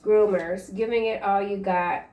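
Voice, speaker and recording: A woman giving a casual tarot reading, rambling and halting as she works through the cards. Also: mid-range voice, steady tone, echoey room, distant mic, muffled recording. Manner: rambling, halting stream of card interpretations. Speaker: tarot reader.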